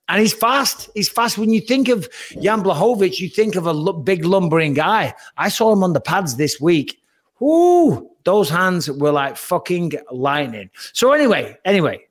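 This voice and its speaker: A man in casual podcast chat, breaking down a fight in an animated, emphatic way and swearing freely. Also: fairly high pitch.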